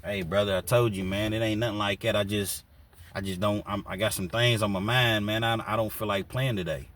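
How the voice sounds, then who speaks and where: A man's voice: steady tone, fairly quick, natural voice. Man doing an enraged backwoods inmate. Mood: weary. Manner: shouting, cursing, high strained voice. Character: enraged backwoods male inmate, usually quiet.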